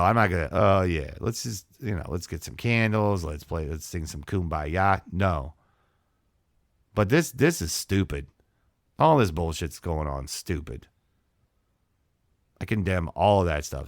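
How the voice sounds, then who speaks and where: Man, podcast host, very deep voice, dry close sound, heated solo rant, repeats himself, swears. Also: no room sound. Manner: impassioned, repetitive, swearing rant.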